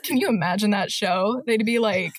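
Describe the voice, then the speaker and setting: A woman chatting casually on a podcast, playful and quick to laugh as she reads quotes in put-on voices. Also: mid-range voice, slight background noise. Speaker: guest voice actor.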